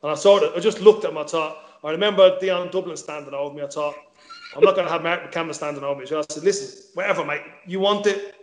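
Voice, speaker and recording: A man's voice: on the high side, fairly even intonation, racing, roomy sound. A man casually telling a football story, swearing freely and acting out the dialogue. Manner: swears freely, tells stories with quoted dialogue. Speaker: former footballer guest.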